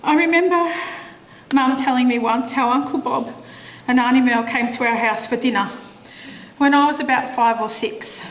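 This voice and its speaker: A middle-aged woman delivers a eulogy in a church, reading with feeling and close to tears. Her voice sits high and rings in the echoey hall, with a faint hum of room noise behind her. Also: moderate pace. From Australia. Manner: emotional, tearful reading. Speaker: eulogy speaker.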